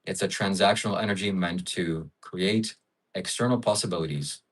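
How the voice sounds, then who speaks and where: A man hosting a casual livestream rambles along in a lowish voice, with frequent fillers as he muses. He sits a little way back from the mic. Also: moderate pace, fairly bright tone, far from the mic, rough recording. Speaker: livestream host.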